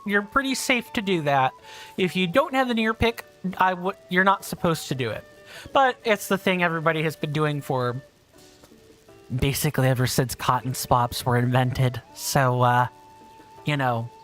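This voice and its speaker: Woman streamer at home, casual and chatty, self-deprecating asides, mid-range pitch. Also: a bit bright. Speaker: game streamer. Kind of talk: casual livestream chat. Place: home office.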